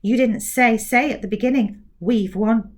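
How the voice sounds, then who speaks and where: A woman's voice: a little high, normal speed, darkish tone, lightly acted. Woman doing a clever, determined little girl. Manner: careful, precise, raised.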